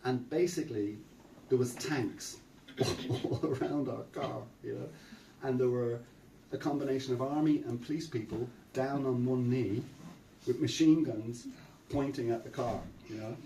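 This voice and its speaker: A man's voice: mid-range voice, a little slow, vocal fry, mellow, a little hiss or hum. Irish man telling a story in a roomy hall. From Ireland. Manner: anecdotal, chatty, many fillers and repeats. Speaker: preacher. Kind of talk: storytelling talk. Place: temple hall. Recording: roomy sound from a distant mic.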